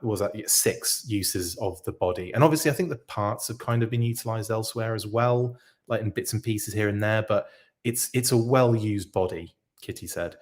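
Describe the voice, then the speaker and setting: A man hosting a live podcast stream, chatting casually and reading out viewer comments in a rambling, self-interrupting way. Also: on the low side. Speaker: podcast host reacting live.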